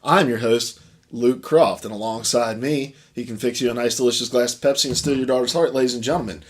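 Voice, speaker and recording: Husky-voiced man hosting a podcast. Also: mid-range voice, a little fast. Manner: joking, teasing introductions. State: stuffy, under the weather. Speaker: podcast host. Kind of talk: casual chat.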